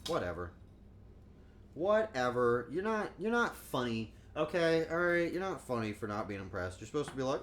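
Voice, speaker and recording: A man's voice: mid-range voice, sing-song, moderate pace, fairly bright tone. A man chatting casually on a cooking stream, joking and rambling, and acting out quotes in goofy voices.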